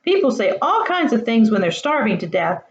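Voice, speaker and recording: A woman reading the part of an excited Roman schoolboy telling a story. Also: on the high side, normal speed. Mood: chatty. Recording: roomy, dull lo-fi home recording.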